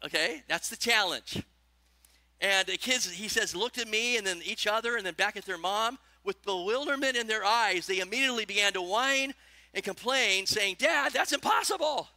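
A male pastor delivers a lively sermon and keeps putting questions to his listeners. His voice sits high and sounds very bright. The recording is close and dry, with no room sound. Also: moderate pace, dry recording. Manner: animated preaching, asks the congregation questions.

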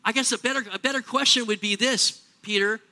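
Bright, high-voiced preaching man. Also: fairly quick. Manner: animated, acts out little scenes in other voices. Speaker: pastor. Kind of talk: sermon.

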